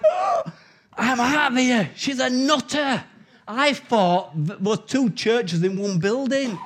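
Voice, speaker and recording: A middle-aged man preaching an informal sermon, telling stories with big swings from loud to hushed. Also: sits high.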